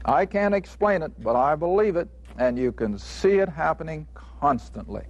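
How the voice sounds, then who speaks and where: A man's voice: fairly high pitch, animated, moderate pace, highs cut off. Man teaching the Bible, earnest and emphatic. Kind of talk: conversational Bible lesson. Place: studio taping.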